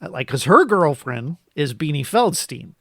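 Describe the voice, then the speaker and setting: A man from Florida chats through a film review with a lively, bouncing voice. He jumps in often with quick opinions. The sound is dry and close, with no room behind him. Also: on the high side, dry recording. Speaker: podcast co-host. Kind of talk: casual film review chat.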